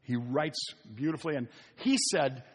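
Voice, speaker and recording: Husky-voiced preacher in a reverberant hall. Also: male voice, medium pitch, lively intonation, moderate pace. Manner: conversational preaching, repeats phrases for emphasis. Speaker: pastor. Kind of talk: sermon.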